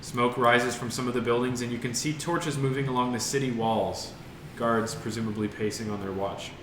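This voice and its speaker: A man's voice: medium pitch, steady tone, moderate pace, background noise. A man narrating a tabletop game as game master, describing scenes with frequent fillers. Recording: roomy echo with music behind.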